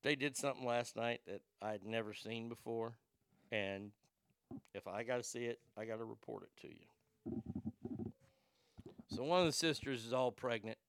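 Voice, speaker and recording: Bright, crisp ranting radio man. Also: mid-range voice, moderate pace, no echo. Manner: animated, stammering restarts, crude mocking asides. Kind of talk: ranting talk radio monologue.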